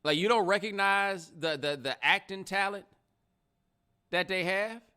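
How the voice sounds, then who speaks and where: A man hosting a casual livestream podcast, talking in an animated, sarcastic way. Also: sits high, a little slow, clear, resonant tone. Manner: animated, sarcastic, rising to loud exclamations. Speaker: podcast host.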